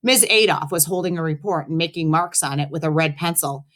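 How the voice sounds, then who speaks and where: A woman teacher reads a children's novel aloud for her class with a slightly low voice. Her delivery is expressive and friendly. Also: a little fast. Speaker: teacher reading aloud to students. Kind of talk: read-aloud storytelling.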